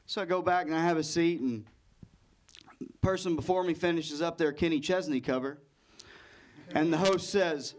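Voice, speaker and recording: Male stand-up comic, relaxed storyteller, slightly high voice. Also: normal speed, long pauses. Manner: laid-back storyteller, acts out others in quotes. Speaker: stand-up comedian. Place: comedy stage before a live audience.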